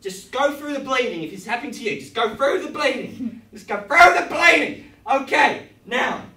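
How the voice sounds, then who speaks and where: At a small comedy venue, an English improviser plays the bumbling host of a children's craft show, rambling in a chirpy, falsely reassuring, mock-instructive way. His voice is a little high and a bit bright, with big pitch swings at normal speed, captured on a roomy distant mic amid live audience laughter.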